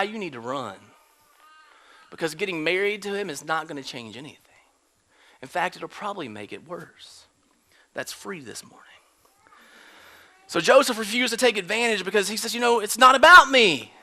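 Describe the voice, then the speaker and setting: A male pastor with a high, bright, ringing voice delivers a sermon in church. He swings from forceful emphasis down to hushed whispers and slips into quick character voices for the people in his story. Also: creaky. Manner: acts out quoted lines in character voices. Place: church sanctuary.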